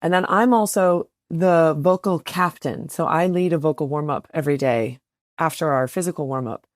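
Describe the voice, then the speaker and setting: A woman's voice: sits low, moderate pace, no room sound, studio quality. A woman from northern Minnesota with a light Minnesotan accent, a stage actress chatting modestly as an interview guest. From northern Minnesota, USA. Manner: modest, laughs easily. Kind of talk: casual interview chat.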